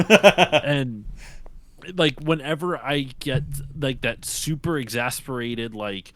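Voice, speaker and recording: A man's voice: mid-range voice, slow. A man co-hosting a live stream, chatting casually and telling stories animatedly, cursing freely. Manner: animated storyteller who swears freely. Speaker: streamer co-host.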